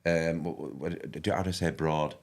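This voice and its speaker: An older man with a broad West Yorkshire accent and a very low, deep voice talks casually as a fishing commentator. He rambles, restarting his sentences and filling the gaps with ums. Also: fairly even intonation, moderate pace, creaky. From West Yorkshire, England. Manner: rambling, with many restarts and fillers. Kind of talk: casual live-stream chat.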